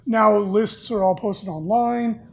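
A man hosting a casual podcast, talking things through in a measured, chatty way. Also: high voice, fairly even intonation, vocal fry. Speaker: podcast host.

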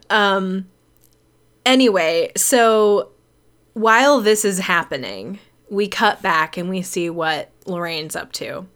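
Casual woman on a podcast recapping a movie, cussing and giggly, middle pitch. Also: lively intonation, slow pace, a bit bright. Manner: profane, giggly storytelling. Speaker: podcast host. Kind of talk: casual film recap chat.

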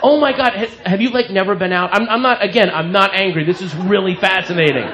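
A fast-talking man with a high-pitched voice does a stand-up set, incredulously and profanely ripping into audience members who kept chatting during his act. He's loud and mocking throughout. Laughter and club noise fill this live recording made in the room.

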